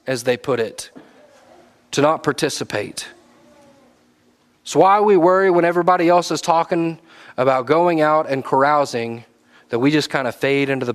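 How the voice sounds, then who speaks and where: Man, preacher, sermon, higher-pitched, loud calls and dropped asides. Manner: swings between loud exhortation and low, dropped asides.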